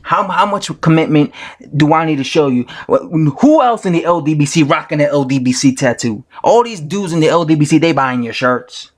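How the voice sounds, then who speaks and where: A man's voice: fairly high pitch, animated, brisk. A man who makes boxing videos, telling a story to his camera as a casual, indignant rant full of repetition. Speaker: YouTube boxing commentator.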